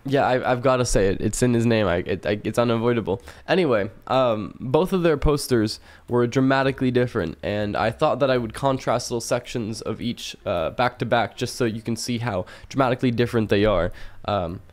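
A man's voice: medium pitch, fairly quick, hardly any pauses, no room sound. A man casually narrating his music-making vlog, joking at himself and swearing. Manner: jokey, swearing, laughs at himself. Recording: music playing underneath.

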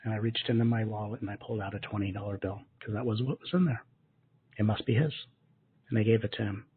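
A man leading a guided gratitude meditation as a spiritual teacher, speaking softly and slowly in a soothing way. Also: fairly low pitch, steady tone, a little hiss or hum. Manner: soft, slow and soothing, with gentle repetitions. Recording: muffled lo-fi narrow-band audio.

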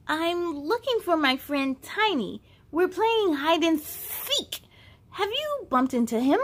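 A woman voicing a friendly playful snake with a gentle, unhurried manner in a storybook read-aloud. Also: very high-pitched, big pitch swings, pitched above the performer's own voice, heavily acted.

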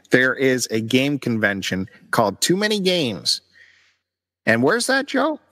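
A man's voice: medium pitch, big pitch swings, takes it slowly, sharp tone. A man co-hosting a podcast in casual chat, chatty and teasing as he plugs events. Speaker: podcast co-host.

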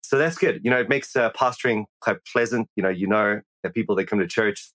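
A man's voice: lowish voice, fairly quick, fairly bright tone, dry recording. A man from South Africa with a South African accent tinged with American, a pastor chatting casually as a podcast guest, self-deprecating with many restarts. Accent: South African, mixed with some American.

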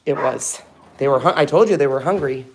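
A man hosting a casual live stream at home, talking fondly to puppies with soft baby talk. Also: mid-range voice, fairly quick, a little hiss or hum. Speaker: host of a live puppy stream.

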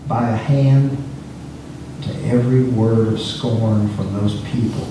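Preacher's voice echoing from afar. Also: male voice, lowish voice, fairly even intonation, takes it slowly, warm tone, slight background noise. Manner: emphatic, repeats words when speeding up. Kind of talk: sermon. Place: church sanctuary. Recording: echoey church from far off.

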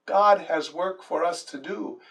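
Man, pastor, sermon, high-pitched, distant mic. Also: measured pace, a bit bright. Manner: dramatic storytelling with quoted dialogue.

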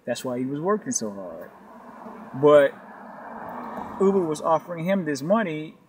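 A man's voice: a little high, sing-song, unhurried, slight background noise. A man who works as a rideshare delivery driver, talking loosely and profanely in a rambling rant to his viewers. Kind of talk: casual ranting vlog.

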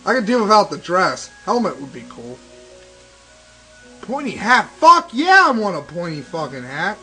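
A young man with a high, bright voice gives sarcastic, profane commentary on a game he is playing. His pitch leaps around as he rants and swears, and faint game music plays under him. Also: sing-song, normal speed, poor audio. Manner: ranting, sarcastic, swears constantly. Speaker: let's play commentator.

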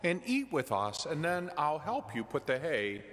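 A man's voice: fairly high pitch, wildly swooping pitch, a little slow, fairly bright tone, heavily acted. A man voicing a kindly, reassuring male farmer in a told joke. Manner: reassuring, folksy. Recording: church with long reverb.

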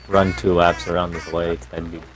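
A man's voice: low voice, level tone, a little fast, a little hiss or hum, low-quality recording. A man playing along on a casual gaming stream, making dry, wry remarks. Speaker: stream co-player.

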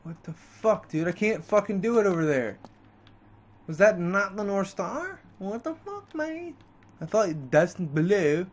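A man with a fairly high voice giving running commentary over a video game. He grumbles and curses constantly and his pitch leaps up whenever he gets fed up. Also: a little slow. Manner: frustrated, heavy swearing, pitch jumps up in outbursts. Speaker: gamer playing a video game. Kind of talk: let's play commentary.

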